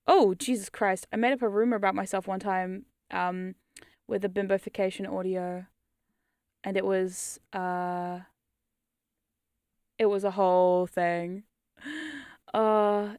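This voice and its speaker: A woman's voice: mid-range voice, fairly even intonation, a little slow, a little mellow, no room sound, studio quality. Chatty British woman, self-mocking. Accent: British, drifting toward New Zealand. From United Kingdom. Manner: rambling, self-mocking, laughs often. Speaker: hypnosis content creator. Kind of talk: casual livestream chat. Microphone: studio condenser mic.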